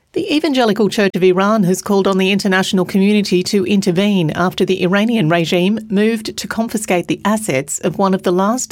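A woman presenting a scripted radio news bulletin with a crisp, steady read. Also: fairly low pitch, no room sound.

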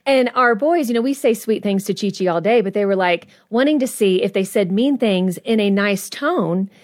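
A woman's voice: medium pitch, normal speed. A woman guest, a biblical counselor, talking in an interview and telling stories in an affirming way. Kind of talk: interview talk.

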